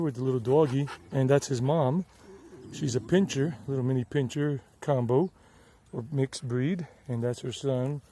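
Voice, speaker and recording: A man's voice: medium pitch, a little mellow. A middle-aged man from the United States with a Southern American accent, rambling chattily as he vlogs outdoors in the countryside. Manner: rambling, chatty, self-correcting. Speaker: vlog host. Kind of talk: casual outdoor vlog talk.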